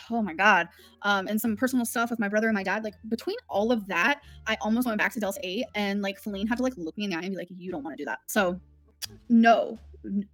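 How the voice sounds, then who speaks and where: Livestreaming from home, a woman talks casually, candidly and emotionally, rambling as she goes. She has a fairly high voice, and the audio has no echo.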